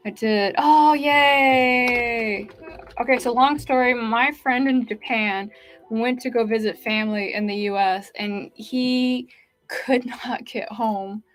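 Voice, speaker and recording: A woman's voice: fairly high pitch, fairly even intonation, slow pace. A woman hosting a live writing-sprint stream, chatting casually and reading viewer comments aloud, with lots of "like" fillers.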